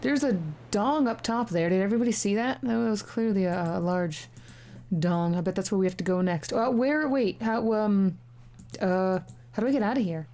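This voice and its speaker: A woman's voice: mid-range voice, moderate pace, warm tone. A young woman doing casual gameplay commentary, reading the game text aloud and mocking the story sarcastically, with the odd swear. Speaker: let's-play gamer.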